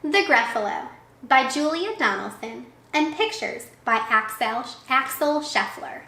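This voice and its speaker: A woman teacher reading a picture book aloud to young children in an expressive way, pausing to ask them questions. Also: high voice. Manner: warm, expressive, asks questions of young listeners. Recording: echoey room.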